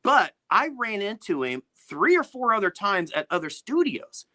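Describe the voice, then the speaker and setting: A middle-aged man, a music producer, telling studio stories as a guest with lively, swearing energy, acting out the people he quotes. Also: high voice, normal speed, no echo. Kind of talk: animated storytelling in a podcast interview.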